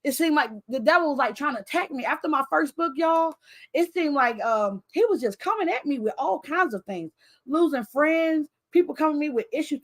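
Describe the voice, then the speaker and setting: Woman talking on her book launch stream, chatty and all over the place, kinda high voice. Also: a little fast. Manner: chatty, rambling, loses her train of thought; expressive, animated with laughter. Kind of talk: casual livestream chat.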